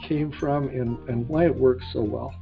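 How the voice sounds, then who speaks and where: A male interviewer tells a folksy family story before posing his question, conversational and a little halting. The sound is slightly muffled, with faint music in the background. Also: medium pitch, fairly even intonation, gravelly. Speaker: host. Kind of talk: interview questions with a personal anecdote.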